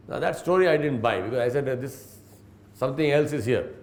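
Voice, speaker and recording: A man's voice: fairly high pitch, brisk, long pauses, a little mellow. A man giving a religious lecture as an Islamic scholar, earnest and storytelling, chuckling as he recounts anecdotes. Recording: roomy echo.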